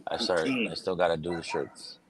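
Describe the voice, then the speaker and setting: A man hosting a casual backyard podcast chat, swearing freely and laughing loudly. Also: deep voice, level tone, brisk, noisy background. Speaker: podcast host.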